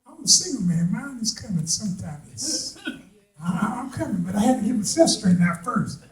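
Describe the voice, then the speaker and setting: Impassioned high-voiced preacher in echoey church. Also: male voice, expressive, normal speed. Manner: impassioned, rising to shouts, folksy Southern turns of phrase. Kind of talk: preaching a sermon with congregation responses. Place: church sanctuary. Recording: echoey hall, voice from a distance.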